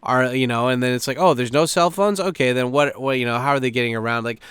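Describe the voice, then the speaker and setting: Quick and smooth, a young podcast host's mid-range voice comes through with no echo. His animated, rambling chat is heavy on profanity and full of fillers.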